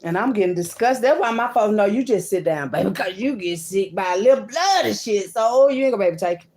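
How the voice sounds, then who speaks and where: A woman giving a card-reading monologue, swinging between loud outbursts and hushed asides and calling her listeners "baby" and "child". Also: mid-range voice, lively intonation, fast. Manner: talks to viewers as "baby" and "child".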